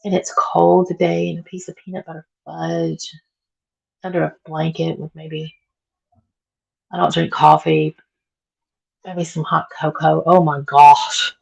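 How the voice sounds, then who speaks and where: A woman's voice: low voice, level tone, unhurried, vocal fry, pauses often, breathy edge, rough recording. A woman hosting a casual livestream from home while she cleans. She chats with viewers, answers their comments and laughs often, and her voice is worn from being sick. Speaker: livestream host. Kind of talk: casual live chat.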